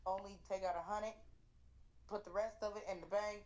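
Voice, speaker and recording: A woman's voice: medium pitch, fairly even intonation, fairly quick, darkish tone. Blunt, profane young woman telling a story. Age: 20s. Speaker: interview guest, dancer. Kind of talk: casual storytelling in an interview.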